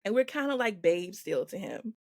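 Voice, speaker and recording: A woman's voice: medium pitch, big pitch swings, normal speed, a little mellow, no echo, studio quality. A woman guest in a casual faith chat on a podcast, laughing often as she talks. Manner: laughs often, acts out quoted voices.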